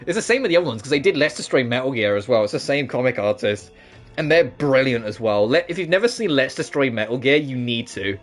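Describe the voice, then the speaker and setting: A man's voice: mid-range voice, animated, fast, soft background music. A man commentating a video game in casual chat, laughing often and going off on rambling asides. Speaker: let's play host.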